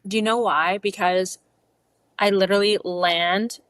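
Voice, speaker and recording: A woman's voice: mid-range voice, steady tone, fairly bright tone, smooth, no room sound. Chatty woman with a slight Canadian accent. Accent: Canadian, slight French Canadian. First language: bilingual French and English. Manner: chatty, playful, quick asides. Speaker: podcast guest, comedian. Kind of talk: casual interview chat.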